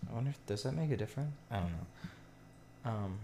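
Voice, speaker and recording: A man's voice: on the low side, animated, normal speed, mellow, echoey room, a little hiss or hum. A young man co-hosting a podcast in casual chat, tossing out dry, teasing quips. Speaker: podcast co-host. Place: indoors, TV on nearby.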